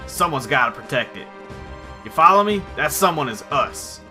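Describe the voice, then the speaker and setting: A man voicing a gruff, brash middle-aged airship pilot who curses a lot, read aloud during a game playthrough. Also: on the high side, big pitch swings, normal speed, pushed and bright, soft background music, exaggerated voice. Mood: rousing.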